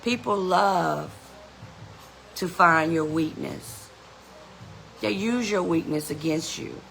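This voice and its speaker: Woman, podcast host, unhurried delivery, gravelly yet bright tone, earnest self-help talk. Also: lowish voice, soft background music, rough recording. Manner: slow, earnest, repeats "you know".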